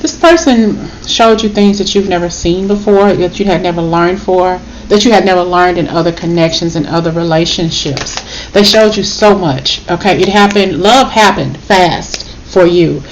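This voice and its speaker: A woman's voice: fairly low pitch, moderate pace, slight background noise, poor audio. A woman giving a casual spoken tarot reading, emotional and blunt, swearing and checking in with "okay?". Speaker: tarot reader.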